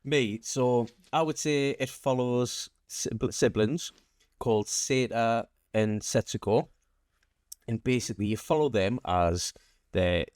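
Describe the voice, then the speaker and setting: A man co-hosting a casual chat, teasing in a deadpan way. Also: on the low side, smooth, no room sound, clean studio sound. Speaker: podcast co-host.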